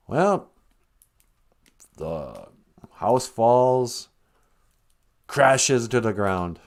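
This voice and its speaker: Male live-stream storyteller, casual and animated, very expressive pitch. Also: extremely slow, pauses often. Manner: animated and casual, humming and singing snatches.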